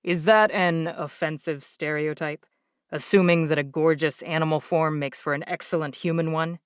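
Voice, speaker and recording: A woman voicing a sardonic, teasing adult male emperor in an audiobook, speaking in a wry, languid, slow drawl. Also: deep voice, steady tone, clean tone, no echo, studio quality, close to an everyday voice.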